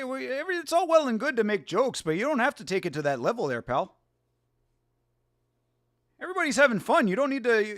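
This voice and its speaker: A man's voice: very high-pitched, fairly bright tone, dry recording, clean studio sound, pitched above the performer's own voice, heavily acted. A man putting on a polite scolding Canadian. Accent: Canadian (put on). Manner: mock-stern, folksy.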